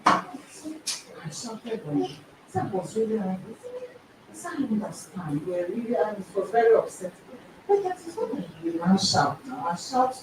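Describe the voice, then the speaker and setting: A woman leading a women's group, teaching in a lively way, often acting out dialogue and laughing loudly. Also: mid-range voice, normal speed. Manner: animated storytelling, acts out dialogue, laughs loudly. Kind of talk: live-streamed teaching talk. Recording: echoey, distant, noisy live stream.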